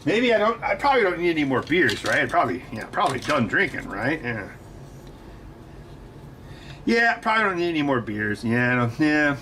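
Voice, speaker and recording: A man's voice: on the high side, sing-song, moderate pace, bright, forceful tone, far from the mic, a little hiss or hum. A man hosting a livestream, chatting casually and joking at his own expense while he builds. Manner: self-mocking, joking, trying impressions. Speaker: host.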